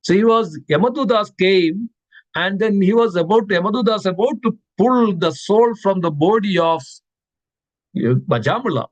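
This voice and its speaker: A man's voice: sits high, animated, normal speed, dry recording, lo-fi sound. A man giving a devotional scripture class, reciting verses and asking his listeners questions, often repeating words for stress. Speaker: class speaker.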